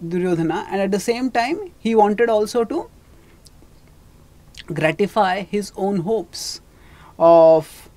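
Lecturer, storytelling, measured explanatory pace, restarts now and then. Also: medium pitch, darkish tone. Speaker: teacher retelling an epic.

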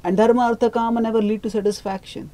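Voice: mid-range voice, flat delivery, fast talker, warm tone, no echo, pitched above the performer's own voice, natural voice. A storyteller voicing a grieving Brahmin husband who laments the misery of life and asks what to do. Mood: lamenting. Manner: lamenting, rhetorical questions.

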